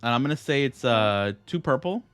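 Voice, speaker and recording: A man running a tabletop game as game master, halting and full of fillers and checking questions. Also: medium pitch, lively intonation, a bit bright. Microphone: streaming setup.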